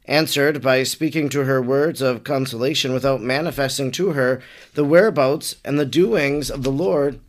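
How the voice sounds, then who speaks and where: Priest reading devotional text reverently. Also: male voice, fairly high pitch. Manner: measured, reverent reading of old-style scripture prose.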